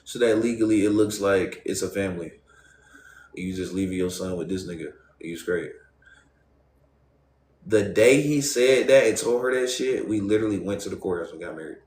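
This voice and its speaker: A man's voice: sits low, normal speed, a little mellow. A young man streaming live, casually telling his viewers a personal story in loose, profane street slang and talking straight to them. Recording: roomy echo.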